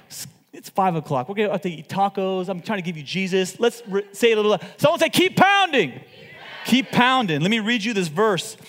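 A man preaching a sermon to his church, swinging between loud outbursts and hushed asides and acting out the people he quotes. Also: high-pitched, in a large hall. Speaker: pastor.

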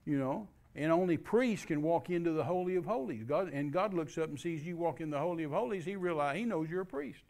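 A man preaching a sermon, telling a story with animated delivery that rises to loud calls. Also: fairly high pitch, brisk, hardly any pauses.

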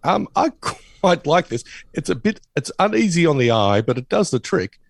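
Lively, wry podcast co-host man. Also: a little high, moderate pace, creaky, no room sound, studio quality. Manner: playful and dryly joking, hesitant restarts. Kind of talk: casual chat.

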